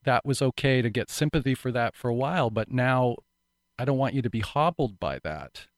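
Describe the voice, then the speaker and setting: A man's voice: mid-range voice, lively intonation, moderate pace, no room sound. A middle-aged man who is an actor, telling his life story candidly in an interview, reflective and earnest with frequent restarts.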